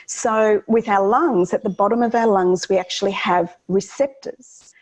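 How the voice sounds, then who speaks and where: A woman guest in an interview, explaining calming techniques for children in an earnest, teacherly way, often pausing with ums and restarting her sentences. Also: medium pitch, rough recording. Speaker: guest educator on children's wellbeing.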